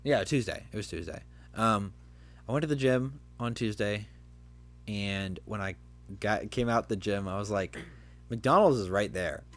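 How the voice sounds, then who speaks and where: A young man with a fairly low voice hosts a casual podcast. He rambles through a story, leaning on fillers and restarts as he goes. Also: normal speed. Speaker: podcast host. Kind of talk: casual chat.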